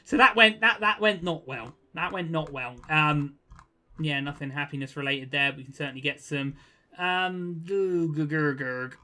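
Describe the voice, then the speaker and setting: Bright-voiced young man narrating gameplay. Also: fairly high pitch, moderate pace. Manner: chatty, easily exasperated, jokey asides. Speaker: gaming video creator. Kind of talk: casual gameplay commentary.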